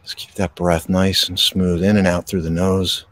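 A man hosting a podcast, guiding a slow, soothing breathing meditation outdoors. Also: low voice. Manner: slow, soothing, calm delivery with pauses. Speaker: podcast host and meditation guide. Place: outdoors in a park. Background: birds.

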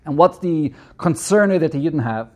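A man with a Yeshivish accent and a fairly high voice gives a Torah lesson. He reads each Hebrew phrase, then explains it in English, repeating the main points. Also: lively intonation, normal speed, a little mellow. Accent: Yeshivish English with Hebrew and Yiddish terms. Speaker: Torah teacher. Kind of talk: reading Hebrew text and translating it into English.

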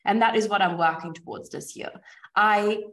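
A woman's voice: mid-range voice, moderate pace, fairly bright tone, distant mic. A woman hosting a motivational business podcast, speaking emphatically and driving home the same rousing questions again and again. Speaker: podcast host and business coach. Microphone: recorded over a video call. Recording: roomy echo with faint music.

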